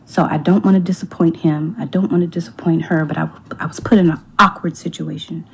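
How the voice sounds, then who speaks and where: A woman's voice: lowish voice, fairly even intonation, fairly quick, husky, poor audio. A woman telling a personal story in casual talk, speaking candidly, quoting others and swearing freely, often dropping almost to a whisper. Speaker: storyteller in a clip.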